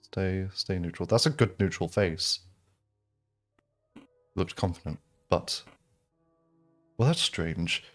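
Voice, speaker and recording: A man with a fairly low voice gives casual, self-amused commentary as he plays through a game. He jokes and talks himself through each choice, with faint music playing underneath. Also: expressive, slow pace, long pauses. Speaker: streamer.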